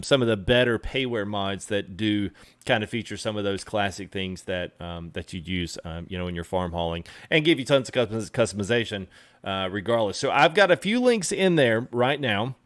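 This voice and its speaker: A man's voice: fairly low pitch, animated, moderate pace, a bit bright. A man streaming a truck game, talking casually with many fillers and greeting his chat. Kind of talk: casual live-stream commentary.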